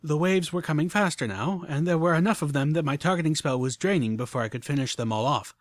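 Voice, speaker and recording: A man narrating a story in the first person with expressive, animated delivery. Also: on the high side, quick pace, dry recording, clean studio sound. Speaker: audiobook narrator.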